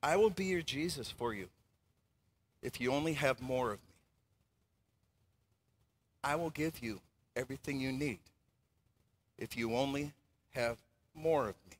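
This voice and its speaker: A man voicing money personified as a thing that whispers tempting promises, in a low, hushed, coaxing tone. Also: a little slow, long pauses, slight background noise, lightly acted.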